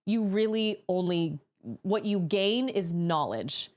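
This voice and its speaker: A woman's voice: medium pitch, slow pace. A woman streamer chatting casually to her audience in a rambling way, often laughing. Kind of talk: casual chat on a gaming stream.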